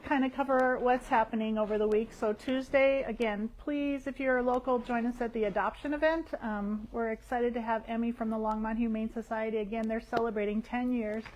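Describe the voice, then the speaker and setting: A woman's voice: fairly high pitch, a little hiss or hum, rough recording. A woman who owns a yarn shop, chatting casually through the week's events on a shop livestream. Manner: chatty, rambling, warm with regulars.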